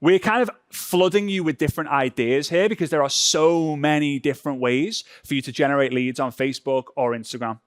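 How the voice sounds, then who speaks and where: A man's voice: on the high side, a little fast, hardly any pauses, no room sound, studio quality. A man from Europe co-presenting a live social media workshop, talking loosely with restarts as he demonstrates. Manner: chatty, loose, with many restarts.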